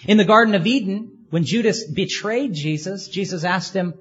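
A man's voice: high-pitched, normal speed, a bit bright, breathy edge, lo-fi sound. A man preaching a sermon in an earnest way, asking his listeners many rhetorical questions.

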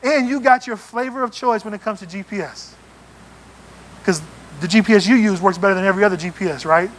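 A man preaching a sermon in a church, animated and playful, acting out little scenes as he goes. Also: high voice, quick pace, a little hiss or hum. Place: church sanctuary.

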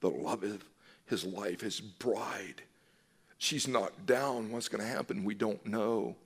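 This deep-voiced pastor speaks slowly and huskily as he preaches, emphatic and sincere, driving points home through repetition. Long reverb surrounds him, suggesting a church hall.

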